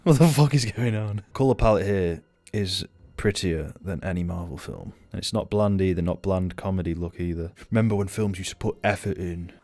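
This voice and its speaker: A man's voice: sits low, fairly quick, hardly any pauses, darkish tone. A young man giving sweary, offhand, sardonic commentary while reviewing a film. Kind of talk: casual reaction commentary.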